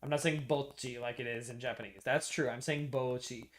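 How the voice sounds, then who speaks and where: A man's voice: medium pitch, steady tone, fast, crowd noise. An American man streaming, chatting casually and playfully arguing, muttering to himself while he debugs code. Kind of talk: casual livestream chat while coding.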